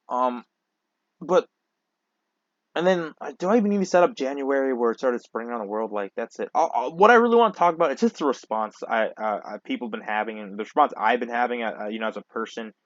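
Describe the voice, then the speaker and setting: A man's voice: medium pitch, dry recording, lo-fi sound. A young man talking to camera in a casual, profane, rambling monologue, full of restarts and fillers. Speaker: vlogger.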